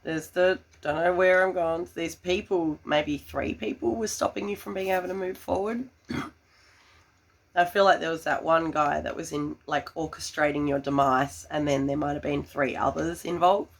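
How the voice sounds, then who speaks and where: A woman giving a tarot reading, gushing and full of fillers, breaking into excited laughter. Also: low voice, normal speed, vocal fry. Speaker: tarot reader.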